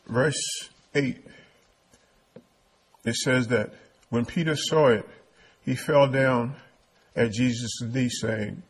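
A man's voice: medium pitch, steady tone, slow pace, pauses often, breathy edge. A man preaching a sermon, reading scripture and often stammering and repeating his words. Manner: repetitive, stammering delivery; quotes King James scripture.

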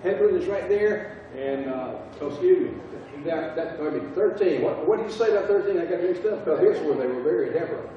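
A man with a Southern US accent teaching a Bible class, halting and repeating himself as he quizzes the group. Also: a little high, lively intonation, a little hiss or hum. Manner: halting, repeats words, asks the class questions. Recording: echoey room from far off, dull sound.

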